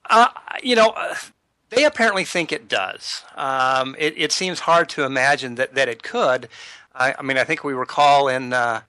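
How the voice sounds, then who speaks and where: A man's voice: medium pitch, moderate pace, sharp tone, smooth, dry recording. A man co-hosting a talk radio show, dry and sarcastic, with frequent hesitations. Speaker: radio co-host.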